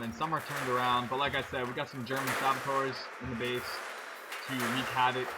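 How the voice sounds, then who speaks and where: A man casually commenting as he plays a tank game, thinking aloud and getting excited when things blow up. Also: mid-range voice, very noisy. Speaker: gameplay commentator. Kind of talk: casual let's-play commentary.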